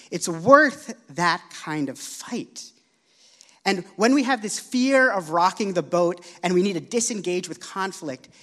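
A man preaching a sermon, earnest and expressive, telling a personal story. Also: high-pitched.

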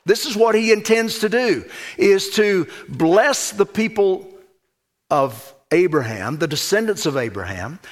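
A man preaching a sermon, emphatic, with loud stressed phrases and hushed low asides. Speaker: pastor.

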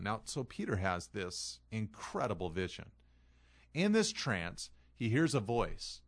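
A man's voice: lowish voice, big pitch swings, measured pace. A man preaching an expository sermon, reading scripture aloud and then explaining it in an earnest way, leaning hard on key phrases. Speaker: pastor.

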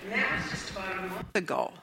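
A woman's voice: medium pitch, big pitch swings, fast, creaky, bright, forceful tone, slightly rough. A middle-aged woman telling a personal faith story in an earnest way. She acts out the voices in the story she quotes. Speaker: speaker sharing a testimony. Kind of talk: storytelling testimony. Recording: long hall reverb.

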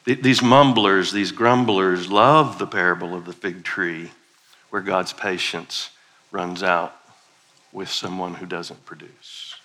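Speaking slowly, a middle-aged man gives a playful, conversational guest sermon, prompting call-and-response from the people. His low voice has a sharp edge and fairly even intonation.

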